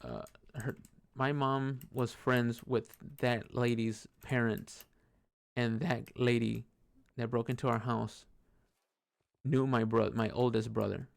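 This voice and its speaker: A man's voice: medium pitch, fairly even intonation, slow pace, gravelly. A man telling a personal story in a rambling, casual way, swearing often and restarting sentences while he plays a computer game. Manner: rambling, profane, many fillers and restarts.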